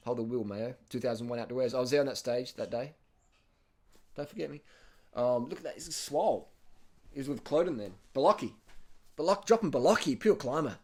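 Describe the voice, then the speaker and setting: An Australian man casually commenting over race footage, blunt and excitable, swearing and repeating himself. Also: medium pitch, husky. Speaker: cycling video host.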